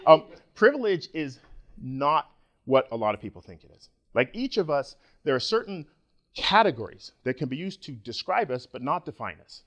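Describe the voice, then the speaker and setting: A middle-aged man from Nigeria giving a conference talk, joking and animated with the audience. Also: a little high, normal speed. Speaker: conference speaker.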